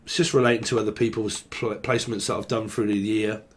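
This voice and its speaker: A man's voice: fairly low pitch, level tone, fast. A man giving a loose, rambling tarot reading, joking, swearing casually and free-associating on words as he goes. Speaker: tarot reader.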